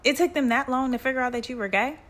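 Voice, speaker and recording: A woman playing a brash father, loud and incredulous, rushing through his lines with a rough, offhand bluntness. He sounds amused rather than angry. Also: mid-range voice, animated, lightly acted.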